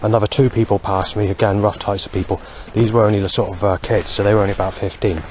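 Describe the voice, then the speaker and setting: Brief: low-voiced man, rambling vlog monologue, faint street noise behind. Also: level tone, fast, darkish tone. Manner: rambling, with many fillers. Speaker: vlogger. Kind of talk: walking monologue. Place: outdoors on a street.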